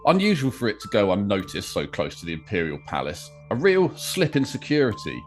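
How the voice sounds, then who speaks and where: A man's voice: lowish voice, wildly swooping pitch, fairly quick. Guy hosting a podcast, telling a game story, faint music underneath. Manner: playful, chatty storyteller. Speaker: podcast host and game master. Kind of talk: narrating an interactive game scenario.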